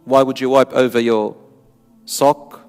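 A man's voice: medium pitch, level tone, a little slow, darkish tone, clean tone. A man delivering an earnest, emphatic Islamic sermon, repeating phrases for stress. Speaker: Islamic preacher. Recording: long hall reverb, faint music.

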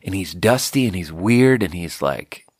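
A man's voice: sits low, lively intonation, unhurried, husky, no room sound, studio quality. A man from Sweden, telling a rambling story in a casual solo monologue full of "like". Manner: casual, meandering, lots of "like".

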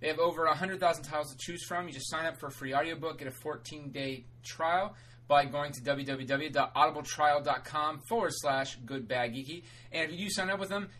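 A man's voice: on the high side, bright, forceful tone, low-quality recording. A man hosting a podcast, giving a loose and chatty intro and a sponsor read, rambling along with casual swearing and self-corrections. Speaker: podcast host.

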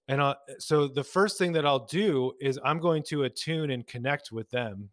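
A man, a couples therapist, explaining his approach in a relaxed conversation and acting out exchanges with clients. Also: mid-range voice, moderate pace, few pauses, no room sound, studio quality. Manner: explains with acted-out client dialogue. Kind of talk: podcast conversation.

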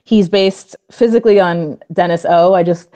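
Bubbly woman with a mellow lowish voice. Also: moderate pace. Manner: gushing, bubbly, lots of fillers and laughs. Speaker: comic book writer, guest. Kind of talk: casual podcast interview.

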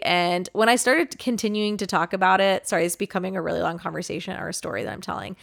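A woman's voice: medium pitch, fast, gravelly. Chatty young woman telling a rambling story. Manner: rambling storytelling with frequent "like" and swearing. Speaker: podcast co-host. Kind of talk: casual chat.

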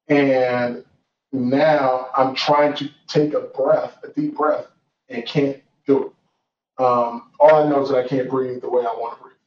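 A young man, a guest, shares a personal story in a medium-pitched, darkish voice, earnest and reflective, full of fillers and restarts. Faint noise sits under a roomy, distant, dull recording.

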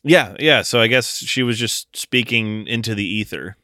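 A man with a lowish voice, recorded dry and close. He talks in a loose, animated way, swearing and acting out lines in goofy voices as he goes through a film. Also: no echo. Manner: animated, profane, quick to act out lines in funny voices. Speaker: podcast co-host. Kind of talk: casual movie-discussion chat.

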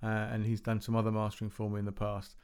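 A man's voice: on the low side, monotone, fast talker, darkish tone, smooth. A man hosting a podcast from a home recording room, chatting casually between tracks with rambling, self-deprecating asides and frequent restarts. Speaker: podcast host playing music tracks.

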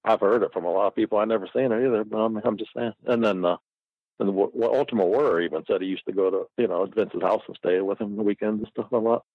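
A man's voice: on the low side, fairly even intonation, fast, no echo. A man telling a rambling, profane story in casual chat, laughing often. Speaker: guest storyteller. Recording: muffled lo-fi recording.

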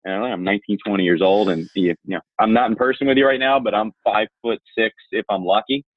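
A man with a low voice tells a story as a podcast guest, animated and candid. His voice comes through a narrow, tinny, phone-like line. The sound is dry, with no room echo. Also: fast. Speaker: podcast guest, insurance marketer. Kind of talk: storytelling conversation.

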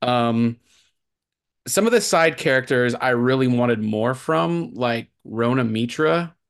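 A man's voice: medium pitch, animated, slow, creaky. A man co-hosting a movie podcast, chatting casually and rambling with lots of fillers and restarts. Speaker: podcast co-host.

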